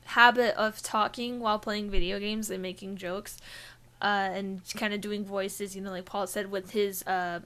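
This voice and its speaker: A woman co-hosting a gaming podcast in casual chat, giggly and animated, often slipping into silly voices. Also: medium pitch, moderate pace. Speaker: podcast co-host.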